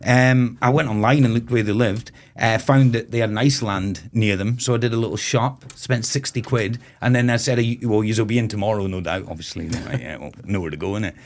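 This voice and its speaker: A man's voice: lowish voice, a little fast, few pauses. A man of around forty from Moray in Scotland, a festival owner telling stories as a guest in a casual podcast chat. He rambles, swears freely and laughs often.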